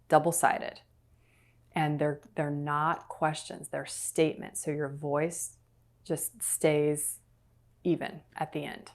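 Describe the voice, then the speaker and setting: A woman's voice: sits low, darkish tone. A middle-aged woman lecturing on a clinical skill, explaining step by step and acting out sample patient and clinician lines. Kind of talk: recorded virtual lecture.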